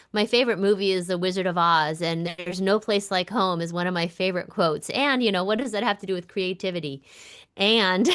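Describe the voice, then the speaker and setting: Smooth-voiced woman artist guest. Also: medium pitch, fairly bright tone. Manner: thoughtful, with many fillers and restarts. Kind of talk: casual chat.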